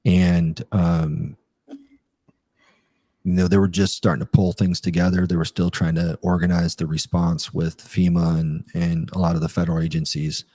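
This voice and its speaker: A middle-aged man with a very low, mellow voice recalls his service in a relaxed interview. He talks in loose runs, full of fillers and restarts. The sound is dry and close. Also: normal speed, no echo. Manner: rambling, many fillers and restarts. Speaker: guest, retired Army captain. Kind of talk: casual interview storytelling.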